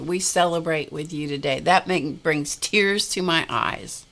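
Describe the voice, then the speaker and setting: Middle-aged woman, casual livestream host, chatty and rambling, lowish voice. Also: a little slow, hardly any pauses, fairly bright tone. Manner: chatty, rambling, laughs often, talks to viewers by name.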